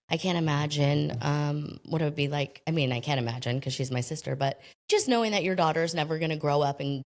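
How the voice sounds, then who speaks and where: A woman from the United States, a podcast guest telling her life story in a candid, chatty way with self-deprecating humor. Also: deep voice. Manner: candid and chatty, often acting out quoted voices. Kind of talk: casual interview storytelling.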